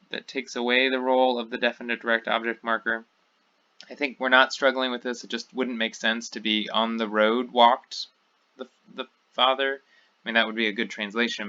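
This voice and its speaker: A man's voice: on the low side, vocal fry, pushed and bright. A man teaching a recorded lecture, working through examples step by step and repeating key words. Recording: dull lo-fi recording.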